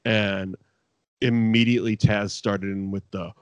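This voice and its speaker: A man hosting a podcast, telling stories in a rambling, profane, animated way. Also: fairly low pitch, a little slow, smooth, no echo. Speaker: podcast host. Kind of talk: casual chat recapping wrestling.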